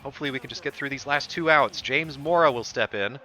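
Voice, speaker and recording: A man gives sports-style play-by-play of a baseball video game he streams, speaking fast in a bright, forceful, mid-range voice. Like a broadcaster, he jumps up on big plays.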